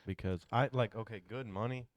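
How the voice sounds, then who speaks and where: Deep-voiced man with laid-back asides. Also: brisk, no room sound. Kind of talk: casual chat.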